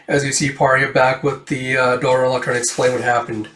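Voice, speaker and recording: A man's voice: mid-range voice, little pitch movement, fast. Man retelling a comic, echoey and distant. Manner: acts out many characters, jumping to shouts. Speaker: manga reader recapping a comic. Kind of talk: casual comic recap reading out characters' lines. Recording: echoey room, far from the mic.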